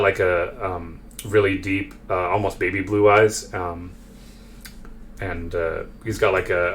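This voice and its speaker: A man's voice: low voice, a little hiss or hum. A man narrating as game master of a solo tabletop game, describing characters with many fillers and restarts. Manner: hesitant, many fillers and self-corrections.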